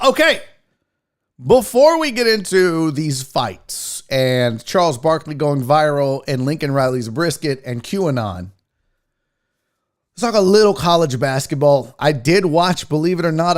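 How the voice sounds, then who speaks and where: A man's voice: on the high side, clean tone. A man hosting a live sports talk show, chatting loosely with viewers in a rambling, profane way. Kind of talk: casual live-stream chat.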